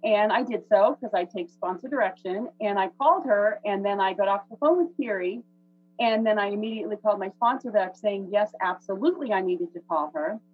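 A woman's voice: mid-range voice, fairly quick, no room sound. A woman chatting casually as she introduces the evening's speaker on a video call. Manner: chatty, with many fillers. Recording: phone-like dry husky audio.

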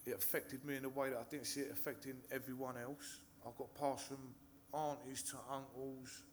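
With a little hiss or hum in the audio, a medium-pitched man speaks at normal speed in a level tone. This Englishman from Hertfordshire gives personal testimony of his recovery to a live audience on a stage in a meeting hall, nervous, swearing a lot and restarting sentences.

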